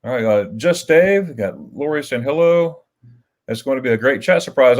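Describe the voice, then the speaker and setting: A man's voice: mid-range voice, animated, moderate pace. A man hosting a casual livestream chat, telling rambling stories with restarts and chuckles. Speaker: livestream host.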